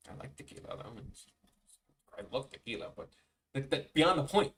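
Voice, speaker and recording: Young male streamer, rambling and self-deprecating, bright tone, sits back from the mic. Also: medium pitch, sing-song, normal speed, distant mic. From Chicago, USA. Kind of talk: casual chat while drawing on stream.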